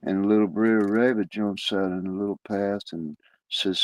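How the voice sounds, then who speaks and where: A man's voice: lowish voice, steady tone, normal speed, darkish tone, rough recording. A man telling crude jokes in a casual, rambling, profane way. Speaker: joke teller.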